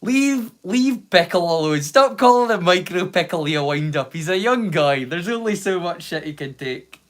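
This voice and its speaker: A man's voice: high voice, lively intonation, moderate pace. A Scottish man chatting casually with live viewers, teasing and swearing freely. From Scotland. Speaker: live streamer.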